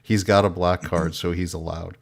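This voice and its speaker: A man co-hosting a casual podcast, chatty and quick to laugh. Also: low voice, flat delivery, gravelly. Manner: laughs often, loose and chatty. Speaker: co-host.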